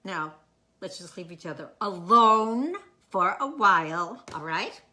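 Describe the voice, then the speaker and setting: A woman reading a low, bright-voiced madcap girl. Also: animated, measured pace, heavily acted. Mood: hurt. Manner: teasing and sharp-tongued. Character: young woman, rich, madcap, teasing artist. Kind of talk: staged play reading.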